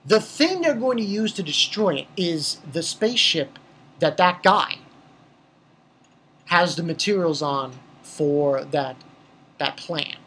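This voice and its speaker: A woman's voice: fairly low pitch, expressive, takes it slowly, a bit bright, slight background noise. A woman giving a casual, rambling recap of an anime episode, swearing freely and restarting her sentences often. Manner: rambling and profane, with many restarts.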